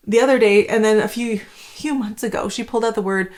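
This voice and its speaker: A woman's voice: on the high side, fairly even intonation, fast, a little mellow. A woman from Canada, in her thirties, talking casually to camera about homeschooling, rambling with many fillers. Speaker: homeschooling vlogger.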